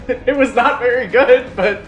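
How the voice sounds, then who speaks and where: A man's voice: very high voice, unhurried, fairly bright tone, muffled recording, soft background music. Casual laid-back male game master. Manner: casual, laughing, filler-heavy narration. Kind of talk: narrating a tabletop game.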